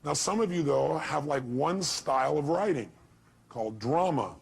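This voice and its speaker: A man's voice: on the high side, animated, moderate pace, vocal fry, a little hiss or hum. A man giving a motivational seminar talk, punchy, firing rhetorical questions at a live audience and acting out voices. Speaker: motivational speaker.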